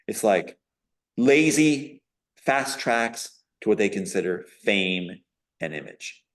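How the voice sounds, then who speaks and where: A man's voice: fairly low pitch, animated, takes it slowly, a bit bright. A man being interviewed as a guest, giving a long, rambling personal account in an emphatic, indignant tone with frequent fillers.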